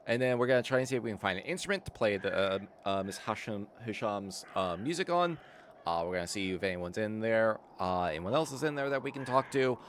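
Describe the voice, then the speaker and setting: A man's voice: lowish voice, expressive, a little fast, a little hiss or hum. A man casually commenting on a mystery game during a live stream, chatty and wry, swearing and joking with the chat.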